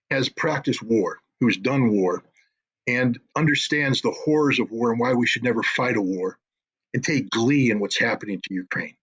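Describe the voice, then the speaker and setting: A man's voice: medium pitch, normal speed, fairly bright tone, breathy edge, highs cut off. A man speaking as an interview guest, emotional and indignant, repeating phrases for emphasis. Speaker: guest commentator. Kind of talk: impassioned interview talk.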